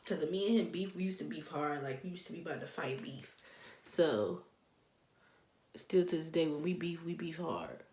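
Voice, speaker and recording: A woman's voice: low voice, normal speed. Young woman telling a slangy story. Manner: animated, swearing, loose slangy talk. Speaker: vlogger. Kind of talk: casual storytime. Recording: echoey room, faint noise.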